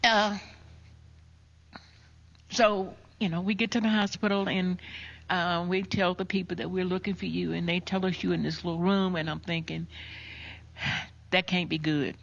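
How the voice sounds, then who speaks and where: An older woman retelling a painful family loss in slow, emotional personal storytelling, dropping to a hush when she quotes. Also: lowish voice, little pitch movement, creaky. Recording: dull lo-fi recording.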